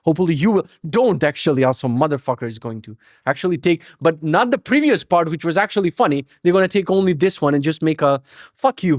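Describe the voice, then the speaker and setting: A man's voice: fairly high pitch, no echo, clean studio sound. A young man hosting a podcast, telling a story casually, swearing a lot and acting out voices. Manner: swears a lot, animated, acts out voices for laughs. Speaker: podcast host.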